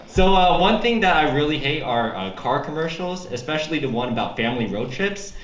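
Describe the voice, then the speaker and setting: A young adult man does stand-up at a college open mic on a club stage, his fairly high, sing-song voice brisk and his delivery loose and rambling, breaking into shrieking character voices. The room is echoey, with a loud audience.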